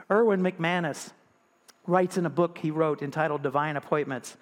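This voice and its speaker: A man's voice: a little high, normal speed. A male pastor preaching a sermon in a conversational way, often turning to the congregation with rhetorical questions. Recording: long reverb of a large hall.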